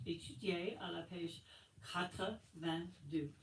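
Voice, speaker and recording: A woman voicing a prim, patient female high school French teacher, read aloud in an echoey room from far off. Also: slow. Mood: prim coaxing. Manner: patient, coaxing.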